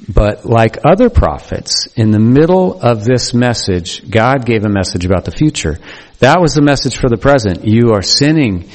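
A male pastor giving a conversational, animated sermon in a church, with frequent restarts. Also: mid-range voice. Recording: long reverb of a church hall.

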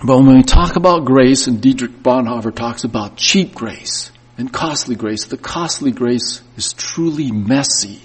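A male preacher tells a painful story in the first person, surging and then sinking quietly. His voice is husky and middle-pitched. It rings through a church hall with a long tail of reverb. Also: a little slow, hardly any pauses. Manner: emotional first-person storytelling, rising and falling in intensity. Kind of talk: sermon.

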